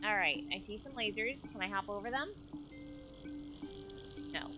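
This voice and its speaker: A woman's voice: medium pitch, moderate pace. A woman streaming a game live, chatting playfully with viewers and meowing along as she plays. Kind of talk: live gameplay commentary. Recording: game music clearly behind voice. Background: game soundtrack music.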